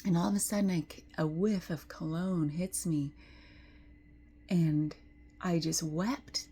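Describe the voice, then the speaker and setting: A middle-aged woman talks slowly through a tarot reading, tearful and tender. Her voice is low, mellow and gravelly, with a husky edge, and she slips into soft whispers when the feeling rises. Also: steady tone. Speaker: intuitive tarot reader. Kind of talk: emotional spiritual talk to camera.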